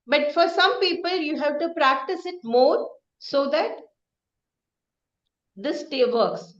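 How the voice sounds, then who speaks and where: Woman speaking coach, high and animated, quizzes the class and demonstrates emphasis; dull, roomy recording. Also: slow. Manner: lively, asks the group questions, acts out example sentences. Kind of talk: interactive online teaching session.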